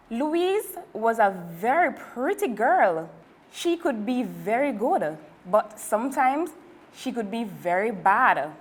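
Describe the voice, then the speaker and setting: Woman, children's story reading, slow pace, animated, high-ish. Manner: slow and expressive. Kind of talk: reading a picture book to children.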